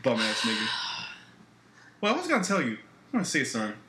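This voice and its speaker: A man's voice: medium pitch, huge pitch swings, quick pace, sharp tone, slight background noise. A young man co-hosting a casual podcast, teasing and swearing in loose banter, recorded in a roomy, echoey room. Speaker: podcast co-host. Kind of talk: casual chat.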